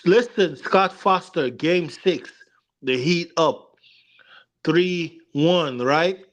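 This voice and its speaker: A young man argues basketball in a casual show, his voice sitting a little high. He talks in looping, emphatic bursts, restarting and pressing on to hold the floor. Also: very slow. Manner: emphatic, rambling, keeps repeating "listen". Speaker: co-host. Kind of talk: casual sports debate.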